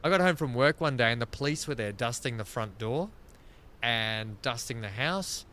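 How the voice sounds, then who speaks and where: A man's voice: mid-range voice, animated, moderate pace, pushed and bright, a little hiss or hum. An Australian man streaming a game, rambling through casual stories and laughing often. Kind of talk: casual chat while gaming.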